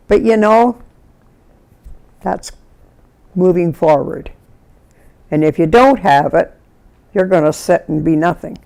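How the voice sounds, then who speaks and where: Gravelly elderly woman storyteller. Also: lowish voice, takes it slowly, pauses often. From Canada. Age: 90s. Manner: lively storyteller who acts out the people in her stories. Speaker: interviewee. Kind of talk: oral history reminiscence.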